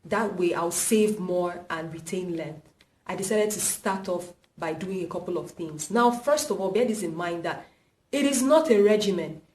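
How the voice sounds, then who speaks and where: A woman's voice: on the low side, normal speed, darkish tone. A young woman with a Nigerian accent talks straight to camera in a casual vlog and drives her points home by repeating them. She sits back from the mic, and her voice rings around a bare, echoey room. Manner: emphatic, repeats points for stress. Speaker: vlogger. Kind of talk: casual hair-care vlog. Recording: roomy echo, mic at a distance.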